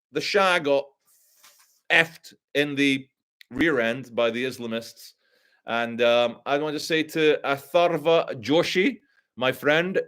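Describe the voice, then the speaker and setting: A man's voice: medium pitch, takes it slowly, a bit bright, clean tone. A man hosting a live stream, rambling through commentary with a sarcastic, crude humor.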